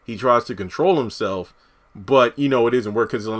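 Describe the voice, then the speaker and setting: A man's voice: mid-range voice, a little fast. A man reviewing a TV episode, recapping the plot in a loose, rambling way with frequent fillers and restarts.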